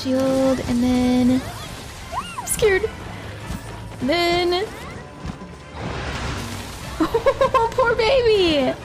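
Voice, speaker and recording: Very slow with long pauses yet lively in intonation, this high female voice belongs to a streamer chatting casually during gameplay. Slightly stuffy-nosed and often giggling, she responds to chat between moments in the game, with game music playing behind her.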